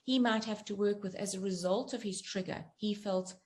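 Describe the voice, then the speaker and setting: A middle-aged woman, a guest author and coach, talking in a gentle, earnest, reflective way and explaining through personal examples. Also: medium pitch, fairly even intonation, normal speed. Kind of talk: reflective interview talk.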